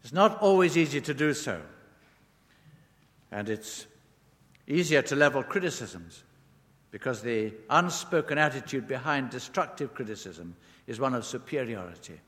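A man's voice: mid-range voice, lively intonation, moderate pace, fairly bright tone. A man preaching a sermon, leaning on words with rising and falling emphasis. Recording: long reverb of a large hall.

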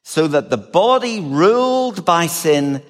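A man preaching a sermon, measured and expressive, with a touch of dry humor. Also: a little high, in a large hall.

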